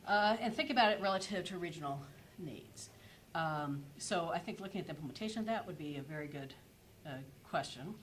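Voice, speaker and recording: Panelist, woman, lower register, halting delivery full of "uh" and "like", faint background hiss. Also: expressive, low-quality recording. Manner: hesitant, many fillers and self-corrections. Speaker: energy policy panelist. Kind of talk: conference panel presentation.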